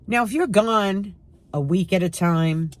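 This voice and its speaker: A woman's voice: medium pitch, measured pace. A woman in her sixties chatting casually to camera at home, sarcastic and emphatic as she tells stories. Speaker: lifestyle vlogger.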